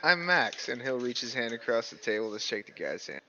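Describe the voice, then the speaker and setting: A man's voice: mid-range voice, very animated, brisk, bright, forceful tone, lo-fi sound, a little hiss or hum. A man voicing a friendly, laid-back young male adventurer who talks casually. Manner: casual, easygoing.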